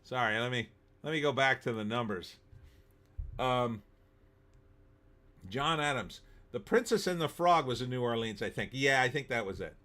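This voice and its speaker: A man's voice: medium pitch, lively intonation, moderate pace, long pauses, sharp tone. A man hosting a live movie-talk stream, chatting casually and answering viewer comments in a rambling, opinionated way with lots of ums.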